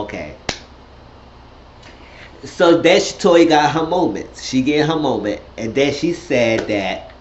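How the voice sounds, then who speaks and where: A man casually recapping a reality show, animated and profane, often jumping into high shrieky voices for quoted lines. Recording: roomy, dull lo-fi audio with faint hiss.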